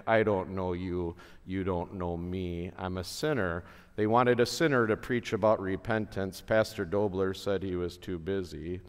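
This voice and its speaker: A male pastor giving a chapel sermon at a school, speaking slowly and earnestly with relaxed conversational asides. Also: low-pitched. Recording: long hall reverb.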